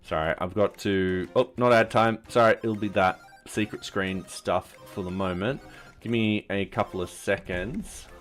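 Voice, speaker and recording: Low slow-talking man coding live. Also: faint music behind. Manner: narrates his clicks and tests step by step, relaxed and offhand. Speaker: software developer streaming his open source project. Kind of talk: live coding stream, thinking aloud.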